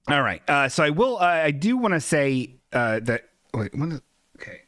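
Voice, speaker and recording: Man, podcast host, lively up-and-down voice, rambling, dry close mic. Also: fairly high pitch, normal speed, no room sound. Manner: rambling, self-deprecating, swears freely. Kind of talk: casual solo podcast chat. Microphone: desk microphone.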